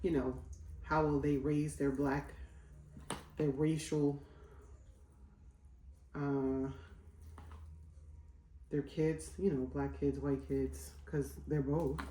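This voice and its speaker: A woman's voice: low-pitched, little pitch movement, extremely slow, pauses often, mellow, echoey room, a little hiss or hum. A woman in her forties, chatting casually as a vlogger while cooking at home, rambling with lots of fillers. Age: 40s.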